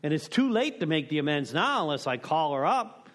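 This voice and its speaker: Rambling man, confessional, higher-pitched. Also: very animated, fairly quick, a bit bright. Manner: rambling, self-deprecating, peppered with "you know". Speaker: recovery meeting speaker. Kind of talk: candid talk on recovery steps.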